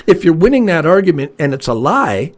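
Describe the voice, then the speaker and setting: Brief: retired male co-host, high voice with a wide, lively swing, loose rambling chat. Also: a little fast. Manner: rambling, animated storytelling. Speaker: podcast co-host. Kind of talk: casual chat.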